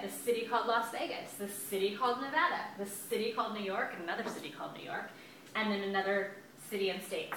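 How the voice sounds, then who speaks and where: A woman teaches a grammar lesson in a chatty, upbeat way, drawing out words as she writes them on the board. Her voice is bright and clear. The sound is echoey and picked up from a little way off the mic. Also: on the high side, far from the mic, a little hiss or hum. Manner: chatty, upbeat, stretches out words while writing. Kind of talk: classroom lesson at a whiteboard. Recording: echoey room, voice a bit off-mic.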